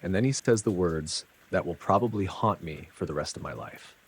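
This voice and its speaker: A man with a low, husky voice reads a first-person story aloud. He tells it dramatically and conversationally, dropping casual asides to the listener. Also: expressive, moderate pace. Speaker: narrator.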